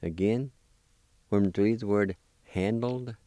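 Low-voiced guy teaching words real slow, patient and encouraging, dry close recording. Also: warm tone, no room sound. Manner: patient, encouraging, repeats each word slowly. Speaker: language teacher. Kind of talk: slow spelling and pronunciation drill.

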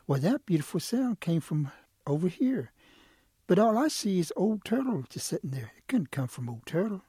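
A man voicing an eager, curious male quail in a told folk tale, pleading and excited in a raised voice. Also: high-pitched, normal speed, husky, no echo, studio quality, exaggerated voice. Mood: amazed.

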